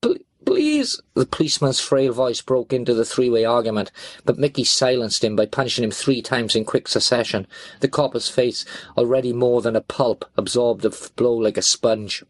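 Narrating a gritty crime tale in the first person, this man sounds tense and blunt, swearing freely. His mid-pitched voice keeps a steady tone at a moderate pace, captured in a close, dry recording with no room sound.

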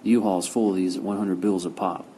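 Man doing a growling crime boss, deep voice, menacing, profane, audiobook figure. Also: steady tone, fast, dark tone, a little hiss or hum, natural voice.

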